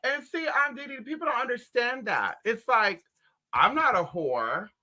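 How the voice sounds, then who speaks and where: Sassy, animated woman chatting. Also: fairly high pitch, a little slow. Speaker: spiritual reader and streamer. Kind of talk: casual chat to viewers. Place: at home indoors.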